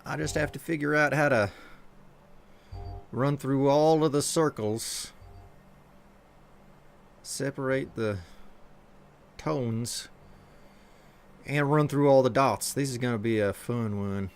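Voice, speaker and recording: A man's voice: medium pitch, measured pace, gravelly, long pauses, slight background noise. A man streaming a puzzle game live, thinking aloud to himself as he works and chatting casually with his viewers. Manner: chats with viewers.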